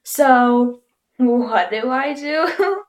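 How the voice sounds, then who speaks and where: A woman's high-pitched voice stretches out her words as she tells a chatty, casual story to camera. She giggles frequently and acts out the things people said with lively quoting.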